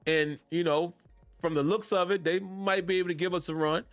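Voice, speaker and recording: A man's voice: high-pitched, fairly even intonation, brisk, a bit bright, no echo, faint music behind. A man hosting a sports fan podcast, talking casually with easygoing slang and frequent laughs. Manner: laid-back Southern-tinged slang, laughs often. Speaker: podcast host.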